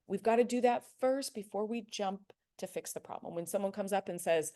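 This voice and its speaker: Mellow-voiced woman giving a training talk. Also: medium pitch, moderate pace, few pauses. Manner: conversational, earnest, with frequent fillers; acts out soft apologetic example phrases. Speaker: de-escalation trainer. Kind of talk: recorded training lecture.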